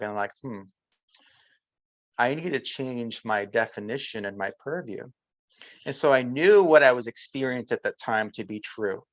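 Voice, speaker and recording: A man's voice: mid-range voice, a bit bright, no echo, poor audio. A man as an interview guest, telling a personal story in casual chat and voicing the people he quotes. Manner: storytelling, often acting out quotes of others.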